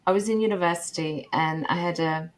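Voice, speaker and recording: A woman's voice: on the low side, brisk. A middle-aged woman telling a personal story in casual chat, laughing often and acting out the voices she quotes.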